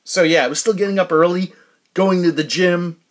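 Chatty, rambling man with a higher voice. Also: normal speed. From New Hampshire. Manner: rambling, chatty, self-interrupting with fillers. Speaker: podcast host. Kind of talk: casual solo podcast chat.

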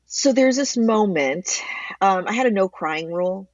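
A woman's voice: medium pitch, a little slow, no echo, dull audio. Woman telling her story with feeling. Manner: animated storytelling, emotional at times. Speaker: interview guest, cancer advocate. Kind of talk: candid interview conversation.

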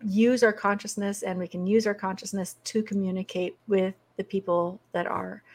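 A middle-aged woman guest telling stories in conversation, animated and laughing often. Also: medium pitch, moderate pace. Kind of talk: conversational storytelling.

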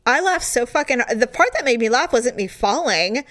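A woman in casual chat, telling a funny story with lots of laughter and squealed, acted-out quotes. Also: moderate pace. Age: adult. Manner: animated, laughing, acts out quotes in high squeals.

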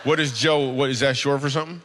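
A man's voice: medium pitch, fairly even intonation, quick pace, in a large hall, heavy background noise. A man doing stand-up comedy, chatting and joking with audience members in a loose, teasing way. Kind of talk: stand-up crowd work.

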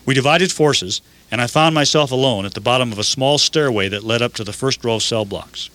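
An older man narrating a first-person story in an earnest, measured way. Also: mid-range voice, a bit bright, no echo.

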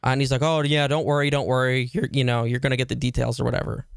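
Gravelly man telling a rambling story. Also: medium pitch, flat delivery, quick pace, no echo, clean studio sound. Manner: rambling storytelling with many fillers and restarts, swearing. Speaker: podcast co-host. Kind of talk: casual chat.

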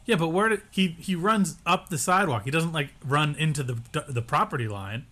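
Bright-voiced joking man recapping a show. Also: on the high side. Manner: joking, animated, recaps scenes with quick impressions. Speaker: podcast co-host. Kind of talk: casual recap chat.

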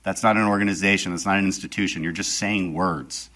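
A man's voice: low voice, steady tone, fast, pushed and bright. A man questioning a witness at a hearing in a pressing, insistent way. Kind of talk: hearing cross-examination.

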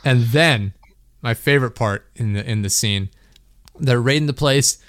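This is casual podcast chat from a young male host who tells a story in a rambling, laughing style full of "like." His medium-pitched voice is a bit bright and moves at a normal speed, recorded at studio quality without echo.

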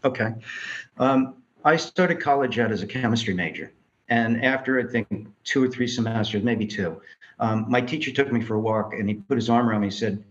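Speaking fairly quickly in a lowish voice, this New York filmmaker narrates his life story for an interview and performs the dialogue of the people involved. The sound is lo-fi.

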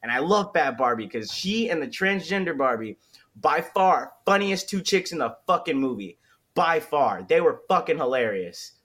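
A man's voice: a little high, sing-song, moderate pace, fairly bright tone. A man in his twenties co-hosting a podcast, ranting in loose, profane slang during a casual chat. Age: 20s. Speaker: podcast co-host.

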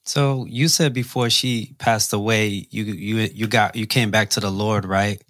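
A man's voice: fairly low pitch, steady tone, measured pace, a bit bright, dry recording, clean studio sound. A man hosting a faith interview, asking earnest questions with preacher-like asides and some repeated starts. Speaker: host.

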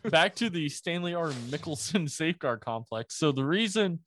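A man's voice: fairly high pitch, expressive, moderate pace, a bit bright, no room sound. A young man in casual podcast chat, rambling through an explanation with laughs and the odd curse. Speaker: presenter of a conspiracy topic.

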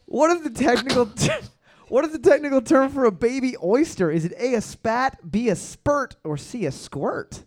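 A man's voice: very high voice, animated, moderate pace, darkish tone. A man hosting a casual trivia game, reading questions aloud and joking between them. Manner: joking, playful, reads questions aloud with bits. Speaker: trivia quiz host.

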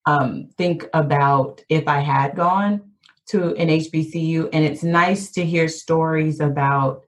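A woman's voice: sits low, steady tone, a little slow. A woman hosting a casual interview, asking questions and reflecting on the guest's stories.

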